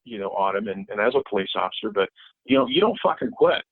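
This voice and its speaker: A man's voice: lowish voice, very animated, fast talker, dry recording. A middle-aged man as a podcast guest in casual interview chat, swearing freely and repeating himself as he talks. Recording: tinny phone-like line, dry.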